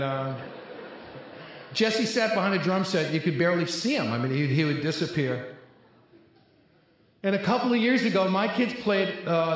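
Middle-aged man, comic tale in echoing hall. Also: a little high. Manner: comic storyteller, acts out quotes. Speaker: speaker at a recovery convention. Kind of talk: humorous personal testimony. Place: large convention hall, live audience. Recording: echoey large hall.

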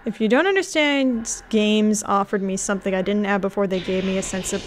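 A woman streaming a live game playthrough, reading the on-screen text aloud and reacting with excited gasps and laughter. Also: mid-range voice, a little fast, slight background noise.

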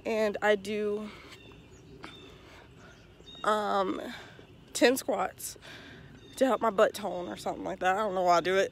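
Filming with a handheld phone at arm's length, a young woman walks around her neighborhood outdoors, breathless and rambling self-deprecatingly for a casual vlog. She speaks unhurriedly in a gravelly, medium-pitched voice with fairly even intonation and frequent pauses, with a little hiss or hum.

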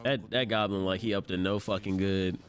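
A young man hosting an anime reaction video, talking in excitable, slangy, profane bursts, often laughing and yelling. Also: deep voice, moderate pace, clean tone. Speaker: anime reaction channel host.

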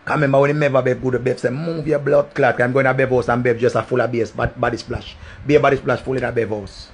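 A man's voice: mid-range voice, steady tone, rapid-fire, husky. A man with a Jamaican accent telling a crude, rambling story in heavy patois, full of swearing. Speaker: vlogger.

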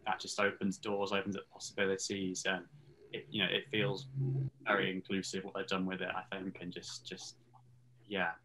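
Thoughtful male guest with a low, bright, forceful voice. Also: completely flat delivery, normal speed, a little hiss or hum, rough recording. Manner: thoughtful, searching for words. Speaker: online content creator guest. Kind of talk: casual interview chat.

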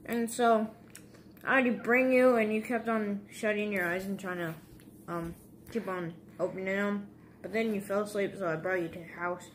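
A woman acting out toys in playful pretend, talking bluntly and often quietly. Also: medium pitch, fairly even intonation, moderate pace, slight background noise. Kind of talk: playful toy role-play.

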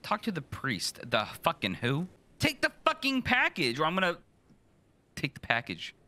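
A young man playing a horror game, joking, swearing and reacting loudly in casual commentary. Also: a little high, wildly swooping pitch, moderate pace. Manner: joking, profane, loud reactions. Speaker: gaming streamer. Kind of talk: casual let's-play commentary.

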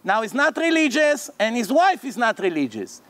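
A man with a very high voice gives a religious lecture in English, a language he did not grow up speaking. He tells a long story and voices each person in it, so his pitch and loudness swing widely between narration and their lines. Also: normal speed, no room sound. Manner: animated, acts out the characters' lines in the story. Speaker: rabbi. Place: lecture hall.

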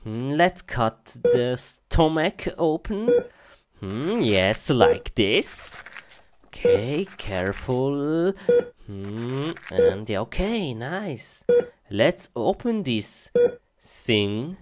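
Slow, halting man acting in a comedy skit. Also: medium pitch, sing-song, heavy background noise. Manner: halting, broken English with many "oh" and "hmm" sounds. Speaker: skit performer.

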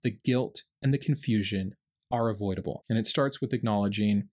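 A man's voice: lowish voice, brisk, a little mellow. A man hosting a reaction video, giving impassioned and earnest critical commentary.

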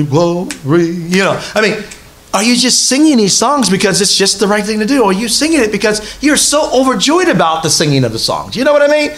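A man's voice: extremely high pitch, a bit bright. A man preaching a sermon in a church, talking to the congregation in a conversational way and asking them rhetorical questions.

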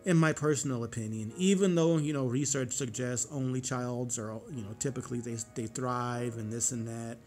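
A man's voice: medium pitch, normal speed, few pauses, a little mellow, soft background music. Profane rambling man in his forties. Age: 40s. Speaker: vlogger. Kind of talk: casual monologue to camera.

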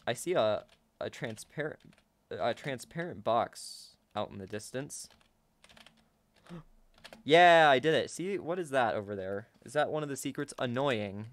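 Excitable young man narrating his gameplay. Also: mid-range voice, moderate pace. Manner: excitable, talks to viewers, gasps and laughs often. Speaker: gaming YouTuber. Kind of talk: casual gameplay commentary.

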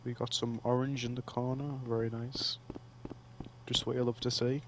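A man's voice: medium pitch, little pitch movement, moderate pace, background noise. A man doing let's play commentary, swearing and ranting at the game in mock fury. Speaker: gamer playing a horror game.

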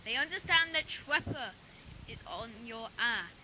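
A woman voicing a calm, blunt young Irish man who brings a secret device, with an Irish accent, heard from a distance over a noisy recording. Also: a little high, a little slow.

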